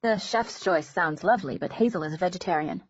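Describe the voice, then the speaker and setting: A woman's voice: fairly low pitch, a little fast, breathy edge, no echo. A woman reading a confident, teasing teenage boy. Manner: easy, teasing. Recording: dull lo-fi recording.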